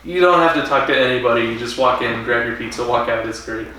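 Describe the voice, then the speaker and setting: A man's voice: medium pitch, fast, sharp tone, heavy reverb, recorded from a distance, a little hiss or hum, rough recording. A man co-hosting a casual podcast over drinks, joking and laughing often. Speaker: podcast co-host. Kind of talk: casual chat while drinking.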